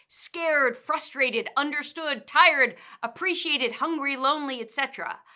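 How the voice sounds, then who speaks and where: A woman who trains people in workplace communication, giving an instructional talk in a measured, explanatory way and working through lists point by point. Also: on the high side, pushed and bright. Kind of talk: instructional narration.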